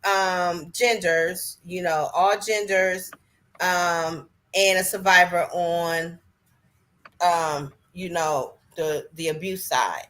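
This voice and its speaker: Woman podcast guest, bright tone, rambling and earnest, lots of fillers. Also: fairly low pitch, steady tone, slow. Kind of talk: casual podcast chat.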